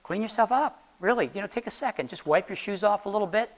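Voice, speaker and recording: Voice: medium pitch, fast. A chatty instructor leads a class through practical advice in a loose, conversational way. The voice keeps throwing questions out to the room and slips in jokes along the way. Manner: jokey, laughs at own jokes. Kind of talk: classroom talk on job interviews.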